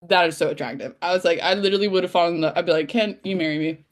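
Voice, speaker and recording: A woman co-hosting a casual podcast, gushing excitedly and acting out her own reactions. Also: fairly low pitch, racing. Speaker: podcast co-host. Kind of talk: casual chat.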